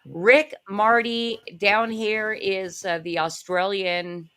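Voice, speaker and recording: A woman hosting a comedy live-read on a video call, briskly handing out roles and laughing easily. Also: mid-range voice, flat delivery, a bit bright. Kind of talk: casual chat and assigning roles.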